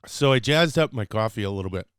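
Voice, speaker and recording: A man hosting his own podcast, chatting loosely and unscripted, teaching short phrases with lots of fillers and the odd excited burst. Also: fairly low pitch, quick pace, clean tone, dry recording, studio quality. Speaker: podcast host.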